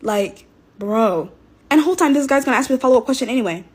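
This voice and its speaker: A woman's voice: high voice, animated, fast, husky. A woman from Los Angeles telling a story to camera in an exasperated, sarcastic rant. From Los Angeles, California. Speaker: content creator.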